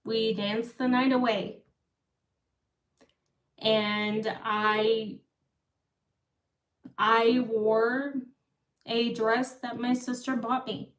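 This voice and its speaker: A woman's voice: fairly high pitch, flat delivery, extremely slow, long pauses. A woman in her thirties telling a rambling story on a live stream, often breaking off and restarting. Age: 30s. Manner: rambling, self-interrupting. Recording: echoey room, far from mic.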